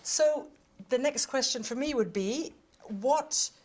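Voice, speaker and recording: Woman, interview host; bright, eager, laughs a lot, slightly higher register. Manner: eager, laughs often, lots of quick questions. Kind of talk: casual interview. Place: indoor room at a live gathering.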